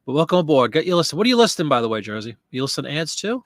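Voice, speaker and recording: A man's voice: on the high side, sing-song, very fast. A man hosting a live listing stream, chatting casually and answering viewer comments while he works. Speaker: live stream host listing items for sale.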